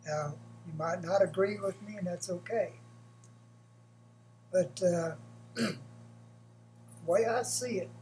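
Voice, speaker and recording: A man, short of breath, giving a blunt, halting opinion monologue for his vlog from home. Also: sits high, darkish tone, slight background noise, rough recording. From United States. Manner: halting, blunt, with frequent pauses and restarts. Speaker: vlogger.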